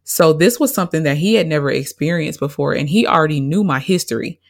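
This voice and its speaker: A woman's voice: low-pitched, fast talker. Brief: interview guest, woman, candid, emotional storytelling.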